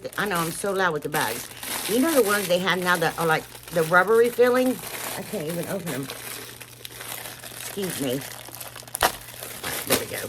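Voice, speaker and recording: A woman's voice: mid-range voice, background noise. A woman, chatting casually to her viewers as she walks through a craft project and an unboxing, rambling from one thing to the next. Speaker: craft vlogger. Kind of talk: casual tutorial and unboxing chat.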